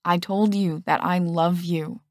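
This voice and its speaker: A woman's voice: fairly low pitch, fairly even intonation, measured pace, darkish tone, dry recording, clean studio sound, close to an everyday voice. A woman voicing a protective, earnest teenage boyfriend.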